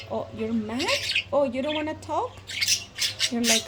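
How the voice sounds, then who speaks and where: A woman coos to her pet birds in slow, high, sing-song baby talk. Her voice is pitched up and stretched out, with quiet murmured asides in between. A loud background noise and chirping birds run under her voice. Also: animated. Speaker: pet bird owner.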